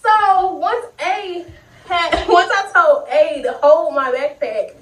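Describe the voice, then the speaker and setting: A young adult woman telling a story in a casual, animated, profane way, speaking straight to her viewers. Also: very high voice, slow. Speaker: vlogger. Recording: roomy sound, distant mic.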